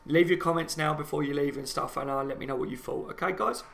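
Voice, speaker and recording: A man with a Liverpool accent hosts a live fan stream, talking to his viewers in a passionate, chatty way. His voice is bright and forceful, sitting slightly high for a man. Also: fast, gravelly. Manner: passionate, chatty, talks to viewers as "guys" and "lads".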